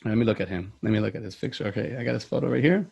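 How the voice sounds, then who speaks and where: A man's voice: lowish voice, rapid-fire, vocal fry, a little mellow, husky. A man hosting a movie podcast in casual, rambling chat, self-deprecating with many restarts. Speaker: podcast host.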